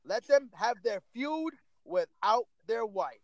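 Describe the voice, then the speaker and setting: Guy with a really high voice begging and swearing on a podcast, dry sound. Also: big pitch swings, slow, creaky, no room sound, poor audio. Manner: exasperated, profane, pleading. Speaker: podcast co-host. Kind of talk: casual wrestling podcast rant.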